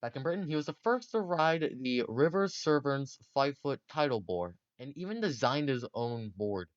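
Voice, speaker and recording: A man's voice: medium pitch, lively intonation, moderate pace, no echo, muffled recording. A man casually narrating history for a video, rambling and joking with many fillers.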